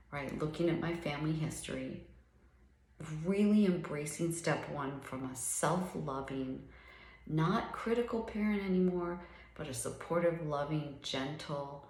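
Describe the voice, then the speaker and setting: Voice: medium pitch, darkish tone, roomy sound, low-quality recording. A person in their fifties giving an earnest, reflective talk about recovery, often checking in with "right?". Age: 50s. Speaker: recovery speaker.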